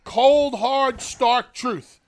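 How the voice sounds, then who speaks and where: A man's voice: extremely high pitch, very slow. A man co-hosting a casual talk show who tells stories emphatically and acts out lines in character. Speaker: podcast co-host. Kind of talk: casual chat.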